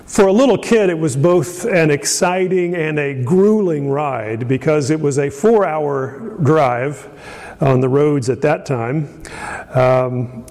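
A man's voice: mid-range voice, vocal fry, a little mellow, in a large hall. A middle-aged man from Indiana preaching a sermon, telling a folksy story with frequent fillers and restarts. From Indiana, USA. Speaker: pastor.

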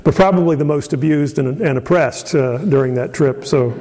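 A man's voice: a little high, normal speed, dark tone, big-room sound. A middle-aged man from Indiana preaching a sermon, telling a folksy story with frequent fillers and restarts. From Indiana, USA. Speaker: pastor.

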